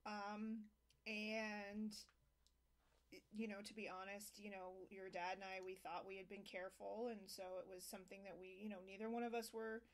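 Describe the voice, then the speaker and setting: A woman hosting a casual home interview, telling a story and acting out quotes with lots of fillers. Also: moderate pace. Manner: animated, acts out quotes in higher voices. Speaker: host.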